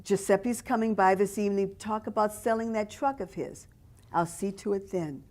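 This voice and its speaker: A woman's voice: medium pitch, darkish tone, natural voice. Lady voicing a stern dad, firm and plain, no fuss. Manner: firm, plain-spoken, measured. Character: stern firm family father, calm and decisive.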